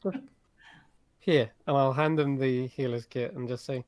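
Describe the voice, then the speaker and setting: A man's voice: medium pitch, steady tone, measured pace, a little mellow. Wry man playing a tabletop game. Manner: wry, dry humor. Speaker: player. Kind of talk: casual tabletop play.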